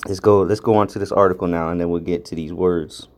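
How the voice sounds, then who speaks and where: A man's voice: sits low, fairly even intonation, fast, darkish tone, slight background noise. A man giving a casual, blunt scripture lesson, rambling and repeating words as he leans hard on the words he wants to stress. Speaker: preacher.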